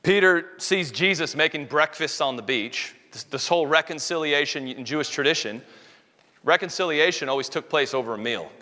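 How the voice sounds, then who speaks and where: A man preaching a sermon in a small church room, intense and animated, acting out quotes as he goes. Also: a little high, normal speed. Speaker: pastor. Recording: long hall reverb.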